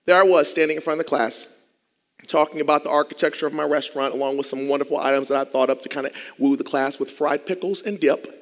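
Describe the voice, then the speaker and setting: A man telling his own life story as a dramatic speech, moving between hushed asides and loud, intense passages. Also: a little high, fairly even intonation, quick pace. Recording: long reverb of a large hall.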